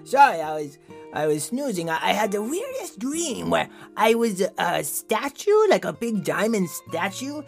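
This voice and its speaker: A woman's voice: medium pitch, very animated, normal speed, creaky, faint music behind. A woman voicing a goofy male dog with a tongue too long for his mouth, talking in a silly, rambling way. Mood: dozy.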